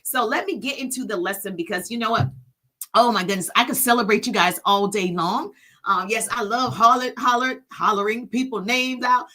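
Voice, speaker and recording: A woman's voice: a little high, normal speed, pushed and bright. A middle-aged woman business coach hosting a live stream from her phone, energetically hyping viewers by name and teaching.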